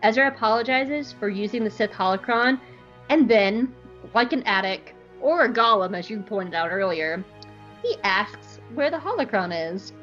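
A woman's voice: mid-range voice, normal speed. Woman, podcast host, casual recap, irreverent, faint music, dull sound. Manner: animated, joking, irreverent.

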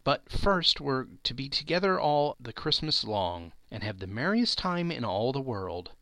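Male reader's excited little girl, high and lively, storybook, dry room. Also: measured pace, dry recording, heavily acted. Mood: gleeful. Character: gleeful little girl, eager and affectionate.

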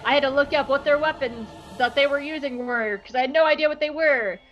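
A fairly high-voiced woman recaps a cartoon episode with a playful, joking delivery, now and then acting out lines in silly voices. The podcast audio is a little dull and muffled, with faint music underneath. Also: fairly quick, a bit bright. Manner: playful, jokey, acts out quotes in silly voices. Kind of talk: casual recap with comic voiced quotes.

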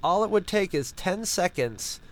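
A man's voice: high voice, unhurried, poor audio. A man co-hosting a podcast, telling a sarcastic, profane story in casual, rambling chat. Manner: animated, rambling with restarts. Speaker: podcast co-host.

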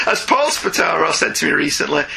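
A man's voice: a little high, very animated, moderate pace, vocal fry, a crowd in the background, poor audio. A man from Ireland with a sore throat, co-hosting a podcast and reading listener emails aloud in casual chat, laughing often as he goes.

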